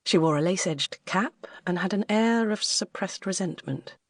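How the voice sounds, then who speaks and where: A British woman narrating an audiobook in a measured, even manner. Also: on the low side, no echo, studio quality. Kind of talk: scripted narration.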